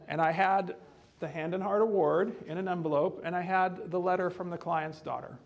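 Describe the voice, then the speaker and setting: A man giving a training presentation on home care, telling a story in a lively, conversational way. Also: high voice, normal speed, gravelly.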